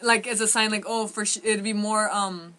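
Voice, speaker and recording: A woman's voice: medium pitch, fairly even intonation, normal speed, pushed and bright. A teenage girl reviewing a movie in casual chat, gushing and rambling with lots of fillers.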